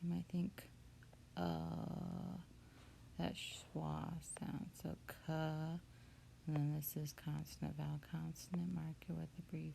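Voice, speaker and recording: Slow gravelly woman teaching spelling. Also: low-pitched, warm tone, poor audio. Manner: slow, patient, step-by-step explaining. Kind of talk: phonics spelling lesson. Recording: noticeable background noise.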